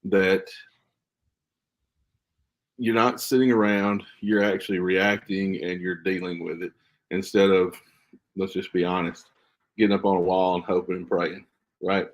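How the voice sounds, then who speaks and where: Earnest man with a fairly low voice. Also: level tone, unhurried, pauses often. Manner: earnest, emphatic explaining. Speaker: guest, school safety trainer. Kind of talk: casual podcast interview.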